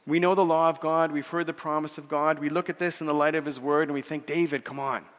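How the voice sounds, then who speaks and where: A man preaching earnestly, with a slightly high pitch, repeating words as he goes and slowing down for scripture quotes. His voice carries a long reverb, as from a church hall. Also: flat delivery. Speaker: pastor. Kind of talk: sermon.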